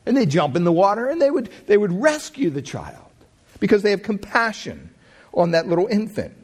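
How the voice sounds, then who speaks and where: A man preaching a sermon, asking his listeners questions and swinging his pitch up and down to drive points home. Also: huge pitch swings, brisk, husky. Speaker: pastor.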